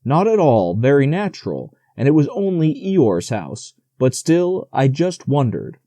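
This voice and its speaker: A man reading aloud, voicing a melancholy male donkey who grumbles slowly and pities himself. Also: on the high side, sing-song, dark tone, no echo. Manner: slow, self-pitying complaints.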